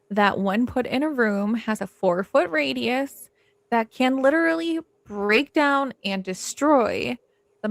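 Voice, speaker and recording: Woman true crime host, gravelly edge, dry close sound, emphatic and rambling. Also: fairly high pitch, no echo. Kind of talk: casual livestream discussion.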